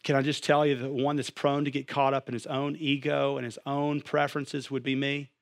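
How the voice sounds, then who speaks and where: A young adult man preaching a sermon, animated, swinging from loud to hushed. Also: mid-range voice, fairly quick, gravelly. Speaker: pastor.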